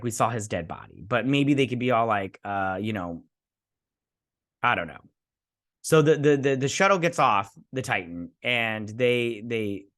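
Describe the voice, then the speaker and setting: A man hosting a show, excitedly recapping an episode like a gushing fan, with lots of fillers and restarts. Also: medium pitch. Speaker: host.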